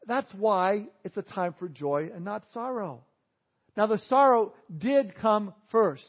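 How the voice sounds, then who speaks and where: Pastor, man, high voice, animated storyteller, dull recording. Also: slow. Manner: lively storytelling preacher, dips quiet for emphasis. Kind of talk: Easter sermon. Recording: dull lo-fi audio.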